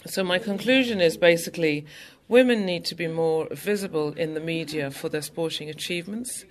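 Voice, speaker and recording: A woman's voice: lowish voice, moderate pace. A woman guest on a radio interview, earnestly summing up her conclusions.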